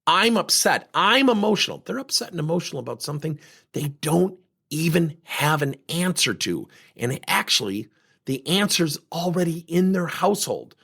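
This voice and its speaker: Middle-aged male motivational speaker, lively pitch, husky voice, animated storyteller. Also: normal speed. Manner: animated storytelling, acting out quotes. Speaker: motivational speaker and former coach. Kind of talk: motivational talk.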